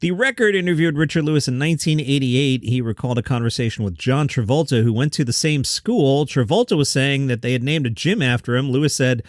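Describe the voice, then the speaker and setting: A man's voice: medium pitch, a little fast, few pauses, no room sound, clean studio sound. A man hosting a comedy news podcast, reading old press quotes aloud and adding wry, sarcastic asides.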